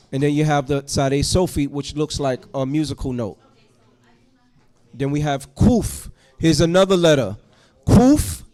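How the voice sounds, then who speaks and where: A man teaching a Hebrew class to students in a classroom, going through the alphabet letter by letter in a slow, patient way. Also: a little high, a little mellow.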